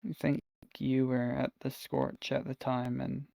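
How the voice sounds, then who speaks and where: A man speaking quietly and hesitantly in a subdued way, chatting in game role-play. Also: medium pitch, flat delivery, a little slow, creaky, dry recording, poor audio. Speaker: fellow player.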